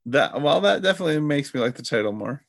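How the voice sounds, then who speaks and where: A man's voice: on the high side, fast talker, creaky, no room sound. Hesitant man, dry close sound. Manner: hesitant, restarts, then animated disbelief. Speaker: podcast co-host. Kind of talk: casual episode review chat.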